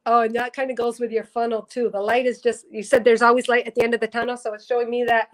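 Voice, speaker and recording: A woman with a slightly high voice hosts a spiritual livestream, talking earnestly to her viewers. She rambles, corrects herself mid-sentence and sounds moved to the edge of tears. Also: flat delivery, quick pace, rough recording. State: teary, emotional. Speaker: psychic reader on a livestream. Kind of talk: casual spiritual livestream talk.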